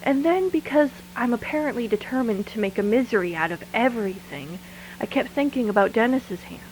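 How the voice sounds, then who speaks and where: A woman's voice: fairly high pitch, lively intonation, brisk, a little hiss or hum, close to an everyday voice, rough recording. An actress voicing a frightened, sleepless woman who confides her thoughts to a tape recorder in an audio drama monologue. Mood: hushed. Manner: hushed and confiding, then rattled and angry. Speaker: lead character of an audio drama.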